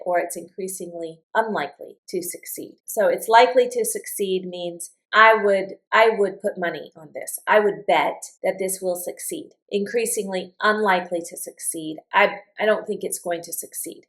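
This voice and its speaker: A woman teaching an English vocabulary lesson, explaining words patiently and clearly with slow, deliberate examples. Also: medium pitch, rough recording.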